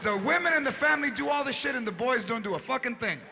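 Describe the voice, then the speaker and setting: A man doing a loud stand-up comedy routine on a theater stage, shouting punchlines, acting out characters and dropping Spanish phrases. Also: very high-pitched, animated, fast, creaky. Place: large theater with live audience. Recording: live show with crowd noise. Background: audience laughter and crowd noise.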